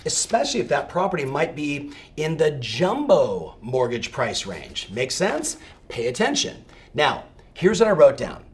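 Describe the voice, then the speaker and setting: A middle-aged man with a voice on the high side gives an energetic coaching talk to real estate agents. He's emphatic and fired up, often checking in with "right?".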